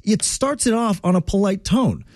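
A man's voice: sits high, expressive, normal speed, darkish tone, no room sound, clean studio sound. A man hosting a talk radio show, giving an emphatic, rambling, opinionated monologue on air. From Quebec, Canada.

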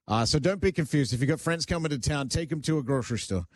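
A man hosting a radio talk show, chatting with quick, teasing banter. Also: on the high side, darkish tone. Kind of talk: casual radio chat. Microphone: studio microphone.

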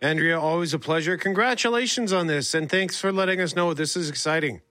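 A man's voice: on the high side, a little fast, pushed and bright, dry recording, clean studio sound. A man co-hosting a broadcast interview, introducing the guest in a polished, upbeat way. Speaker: news show co-host.

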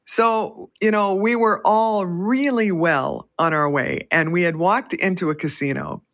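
Bright-voiced woman radio host, chatty. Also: on the low side, a little slow. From Canada. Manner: chatty, laughs often while telling a story. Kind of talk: storytelling on a call-in radio show.

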